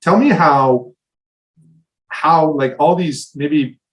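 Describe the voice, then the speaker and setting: A man's voice: on the high side, very slow. A man hosting an interview, asking long enthusiastic rambling questions. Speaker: podcast host. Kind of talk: interview conversation. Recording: voice a bit distant from the mic.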